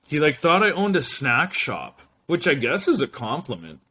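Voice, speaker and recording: A man's voice: mid-range voice, sing-song, moderate pace, few pauses, sharp tone, slightly rough. Rambling jokey man in his thirties. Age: 30s. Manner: rambling, profane, jokey, with slang and French asides. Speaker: show host. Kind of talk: casual monologue to camera.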